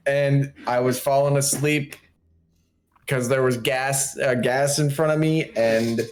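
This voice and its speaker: Man player, slow, first-person in-character description, casual tabletop game. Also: mid-range voice, steady tone, soft background music. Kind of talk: in-character roleplay narration.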